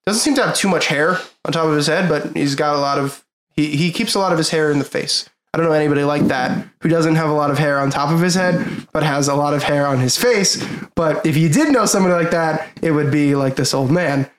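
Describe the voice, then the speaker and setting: High-voiced rambling game master. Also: male voice, a little fast. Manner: rambling, filler-heavy, laughing easily. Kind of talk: narrating a tabletop game. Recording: echoey room with faint noise.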